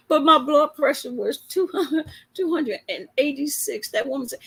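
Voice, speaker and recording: A woman's voice: high voice, lively intonation, measured pace, rough recording. A woman police officer telling a casual story to camera, chatty and laughing often as she goes.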